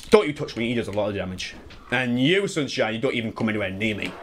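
A man in his twenties chatting casually and excitedly while playing through a game, swearing freely and wandering into asides. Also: fairly low pitch, quick pace, a little hiss or hum. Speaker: gaming YouTuber. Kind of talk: live speedrun commentary.

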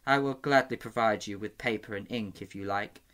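A man reading aloud as a sly, courteous eunuch spymaster with a smooth, wry manner. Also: lowish voice, moderate pace, fairly bright tone, lightly acted.

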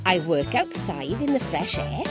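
Slow sing-song woman reading for preschoolers. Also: fairly low pitch, sing-song, loud music behind the voice. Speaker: presenter and storyteller of a preschool show. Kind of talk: preschool storytelling narration.

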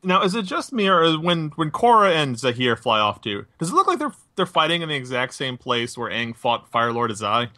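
A young man with a lively, swooping pitch and a bright voice chats casually on a podcast. He muses aloud, laughs easily and corrects himself mid-thought, recorded close and dry. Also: a little fast, hardly any pauses, no echo. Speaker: podcast co-host. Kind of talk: casual chat.

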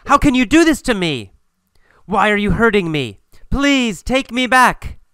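A man voicing a jilted young woman in a story, speaking in a high, pleading, whiny voice. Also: big pitch swings, measured pace, a bit bright, smooth, no echo, clean studio sound, heavily acted.

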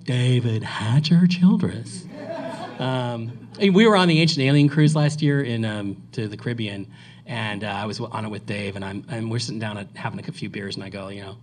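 A man speaking at a conference and taking audience questions, rambling and animated, often restarting his sentences. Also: fairly low pitch, quick pace, a little hiss or hum. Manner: rambling, animated, self-correcting. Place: lecture hall.

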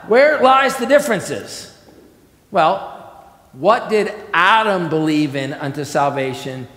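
A man preaching an expository sermon as pastor, emphatic, asking the congregation questions and letting his phrases fall away softly. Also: sits high. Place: church sanctuary. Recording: echoey church hall.

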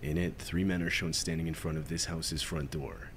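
A man giving measured, factual scripted narration of crime clips, heard from a played-back video. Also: rumbling low, fairly even intonation, slight background noise. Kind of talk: scripted news-style narration.

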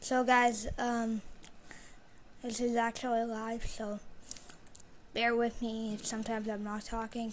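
A woman streams herself playing a shooter, talking to her viewers in a fairly high voice that stays on a flat line. She mutters low between plays, then jumps to sudden loud outbursts. A faint hiss sits under her computer mic. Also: unhurried. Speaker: gamer streaming live play. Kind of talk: live gameplay commentary.

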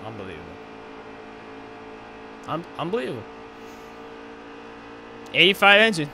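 A man gives live commentary over a racing game and vents his frustration in a steady stream of profanity. His voice sits a little higher than most men's. Loud engine roar from the game runs under everything he says. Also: moderate pace. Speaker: gaming channel host. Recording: race car engine noise behind. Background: racing game engine sounds.

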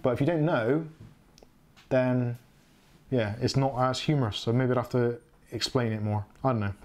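A man's voice: mid-range voice, moderate pace, a little mellow. Rambling West Country Englishman on a livestream. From England. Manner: rambling, self-correcting, chatty. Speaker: livestream host. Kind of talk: casual livestream chat.

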